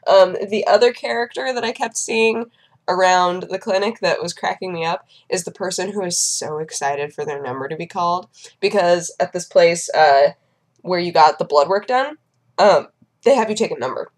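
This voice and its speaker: A woman's voice: on the low side, moderate pace. A young woman chats casually to her viewers in a vlog. She tells everyday stories in a loose, conversational way and now and then acts out the people she describes. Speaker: vlogger. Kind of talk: casual chat.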